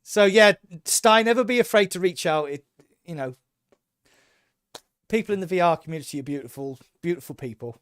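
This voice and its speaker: A man's voice: fairly high pitch, animated, fairly quick, long pauses, clear, resonant tone. A man co-hosting a casual podcast, talking with eager enthusiasm and rambling through restarts. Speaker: podcast co-host.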